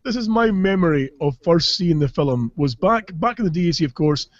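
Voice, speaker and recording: A podcast host from Caithness, Scotland, with a Scottish accent tells rambling, sweary comic stories and laughs as he goes. His voice is fairly high and lively, a little fast, recorded with no room sound and the highs cut off.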